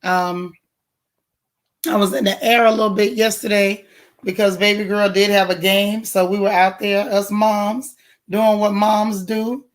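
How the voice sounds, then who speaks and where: A middle-aged woman with a hoarse, strained voice, casually greeting viewers one by one on her livestream. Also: medium pitch, level tone, a little slow. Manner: warm, chatty, greets viewers by name. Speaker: livestream host.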